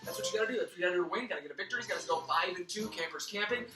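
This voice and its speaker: A man's voice: sits high, very fast, bright, forceful tone. A man talks at speed through a mock sports-analyst preview, rambling off into pun tangents. His voice sounds a little worn, as if he is losing it. He is heard from some distance in a roomy space, with music playing behind him. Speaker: fantasy football league host.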